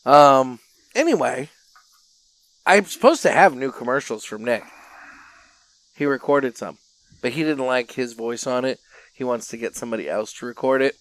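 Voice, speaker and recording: A man hosting a podcast in casual chat, relaxed and easygoing, with frequent fillers. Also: mid-range voice, moderate pace, long pauses. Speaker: podcast host.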